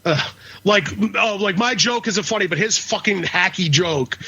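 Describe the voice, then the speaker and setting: A man's voice: high voice, moderate pace, sharp tone, slightly rough. A man from the northern US co-hosting a podcast, ranting in casual, profane chat. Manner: ranting, heavy swearing. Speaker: podcast co-host. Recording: dull lo-fi podcast audio.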